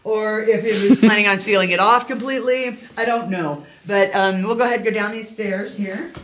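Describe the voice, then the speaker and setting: Inside an old abandoned hotel, a woman gives a casual guided tour, chatting and telling stories with lots of fillers and easy laughter. Her mid-range voice is brisk and fairly bright, and the echoey room has faint background noise.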